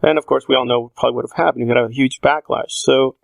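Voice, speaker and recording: A man's voice: mid-range voice, steady tone, quick pace, creaky, dry recording. A man talking through a casual spoken film essay, thinking aloud with frequent fillers and restarts. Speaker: video essayist.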